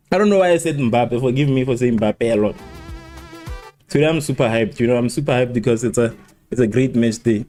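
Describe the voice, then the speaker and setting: A man hosting a live football watchalong, rambling and repeating himself, who laughs at his own slips and jumps high in pitch at exciting moments. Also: fairly quick, faint music behind. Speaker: watchalong host. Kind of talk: live match watchalong chat.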